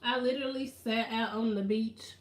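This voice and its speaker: A woman vlogger in casual chat, telling stories in an animated, slangy way. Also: on the high side, normal speed. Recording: roomy echo.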